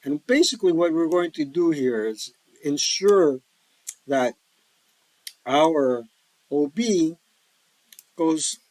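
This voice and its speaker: A man's voice: on the high side, animated, slow pace, pauses often, a little mellow, no room sound, poor audio. A man casually talking through a solo board wargame, joking and rambling with folksy asides. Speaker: board wargame player and host. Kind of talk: casual solo-play commentary.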